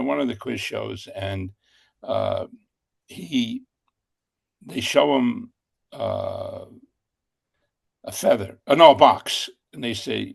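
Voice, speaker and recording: A man's voice: lowish voice, creaky, husky. An older man telling a long anecdote as an interview guest, rambling with fillers and self-corrections.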